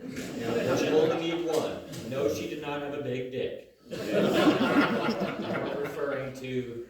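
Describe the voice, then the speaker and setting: Stand-up comic, man in his thirties, halting delivery with lots of uhs, heard from far off in an echoey room. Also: on the high side, lively intonation, heavy background noise. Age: 30s. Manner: halting, full of uhs and repeated starts. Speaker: stand-up comedian. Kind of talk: stand-up comedy set. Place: comedy venue before a live audience.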